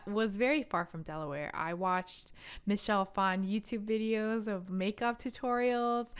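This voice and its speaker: A woman in her thirties from Korea, telling a personal story to camera in a candid, animated way with frequent laughs. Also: mid-range voice, clear, resonant tone. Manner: animated, candid, laughs often, self-deprecating asides. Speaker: vlogger.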